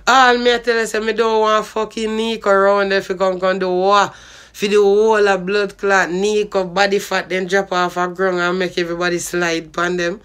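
A man's voice: high voice, little pitch movement, normal speed, a bit bright, clean tone. A man with a Jamaican accent rambling and swearing in patois as he promotes his own party. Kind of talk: rambling vlog monologue.

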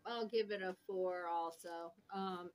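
A woman's voice: on the low side, fairly even intonation, unhurried. An older woman, a grandmother, giving her casual take on a film in a rambling, hesitant way with many fillers. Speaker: grandmother co-reviewer. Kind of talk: casual film review chat.

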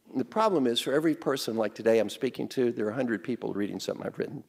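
A man with a mid-range, darkish voice teaches a class as a business speaker. His lecture is interactive and joking, quizzing the audience and setting them exercises.

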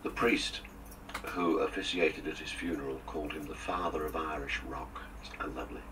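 A man's voice: rumbling low, fairly even intonation, moderate pace, distant mic, background noise. An older man, a guest on a radio interview, reminiscing with jokes and theatrical asides. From England. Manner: jokey, theatrical storyteller with asides.

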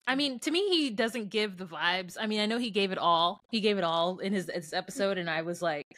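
A woman's voice: medium pitch, brisk, fairly bright tone, dry recording. A woman co-hosting a podcast, talking in a playful, teasing way. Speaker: podcast co-host. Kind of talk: casual chat.

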